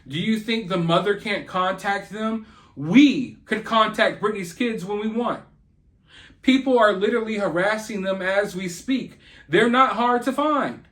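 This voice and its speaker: A man with a notably high voice rants through celebrity gossip commentary. He sounds indignant and sarcastic, piling on jabs as he goes. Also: measured pace, a bit bright. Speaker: channel host.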